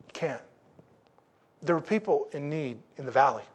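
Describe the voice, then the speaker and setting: A man preaching a sermon in a conversational, folksy way, with rhetorical questions and slow, emphatic declarations. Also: a little high, lively intonation, husky. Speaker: pastor.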